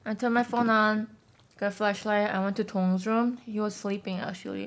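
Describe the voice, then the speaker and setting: Woman vlogger, casual eating chat, chatty storyteller with lots of fillers, medium pitch. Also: steady tone, a little fast. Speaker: mukbang vlogger.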